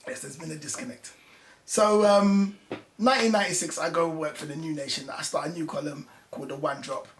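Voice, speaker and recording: A man talks as a guest, recalling his years as a music journalist in a casual conversation. He tells it with animated passion. The room around him rings with echo. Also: a little high, brisk, slight background noise.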